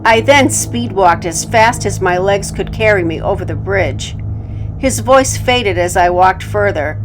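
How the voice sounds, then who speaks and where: A woman narrating horror stories for her channel in a calm, measured way. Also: mid-range voice, music in the background, poor audio.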